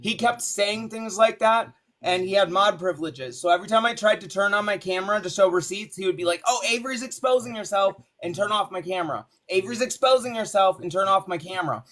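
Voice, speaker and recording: A woman's voice: mid-range voice, fast. Heated, swearing woman arguing. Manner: defensive, swears often, many restarts; gets loud and shouts in anger. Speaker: debate participant. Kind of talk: heated live-stream debate.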